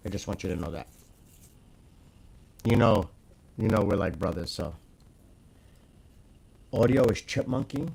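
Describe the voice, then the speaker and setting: A man in casual live-stream chat, blunt and excitable, swearing freely as he talks to the host and viewers. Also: fairly low pitch, unhurried, gravelly, pauses often, slight background noise, rough recording.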